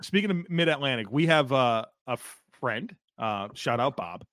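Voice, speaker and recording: A man's voice: mid-range voice, lively intonation, normal speed, fairly bright tone, dry recording, studio quality. A man co-hosting a football podcast, reading listener takes aloud and teasing his co-host in casual chat.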